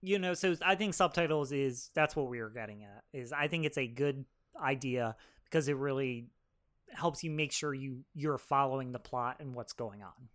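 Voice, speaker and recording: A man's voice: medium pitch, normal speed, a bit bright. A man co-hosting a podcast, talking casually about a film and speaking directly to listeners. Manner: upbeat, addresses listeners directly. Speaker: podcast co-host. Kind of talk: casual film review chat.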